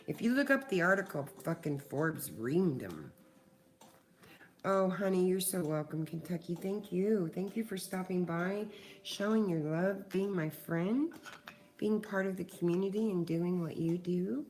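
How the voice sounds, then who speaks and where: A middle-aged woman with a lowish voice chats to her livestream viewers, casual and a little profane. She sounds warm toward her audience while she works, and faint music plays in the background. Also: expressive, measured pace. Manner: chatty, swears freely, talks to viewers in chat. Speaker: livestream host.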